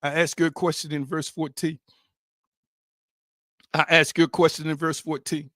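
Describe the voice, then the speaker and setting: A man preaching a sermon, hammering the same rhetorical questions over and over and now and then rising to a shout. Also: on the high side, flat delivery, moderate pace, dry recording, clean studio sound.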